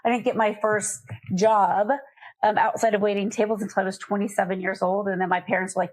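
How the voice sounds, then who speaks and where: Speaking fairly quickly at a medium pitch, this middle-aged Colorado woman is a guest on an interview. She runs a nonprofit foundation as CEO and shares candid, laughter-filled anecdotes from her life in a conversational storytelling style.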